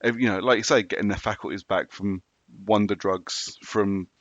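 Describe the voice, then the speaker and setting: A man co-hosting a casual podcast chat, agreeable and wry, quick to laugh. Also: fairly low pitch, steady tone, no echo. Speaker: podcast co-host. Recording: dull, dry lo-fi audio.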